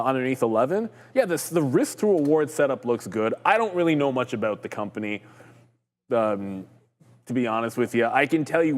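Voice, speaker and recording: Man, live trading commentary, chatty, joking, mid pitch, long reverb. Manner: chatty, joking, quick asides. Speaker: stock market show co-host.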